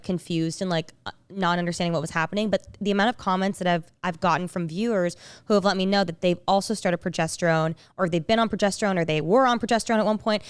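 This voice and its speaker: A woman's voice: on the low side, clean tone, dry recording, clean studio sound. A young woman co-hosting a podcast in casual chat, rambling and restarting with lots of "like". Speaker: podcast co-host.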